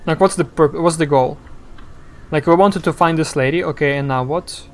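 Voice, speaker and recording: Halting, word-searching man streamer. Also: on the high side. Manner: rambling, halting, searching for words. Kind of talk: casual live game commentary.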